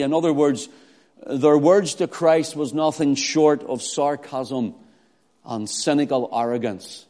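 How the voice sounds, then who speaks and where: A man preaching a sermon, rising from quiet prayer into loud, emphatic delivery. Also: on the high side, fairly even intonation, slow. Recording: long hall reverb.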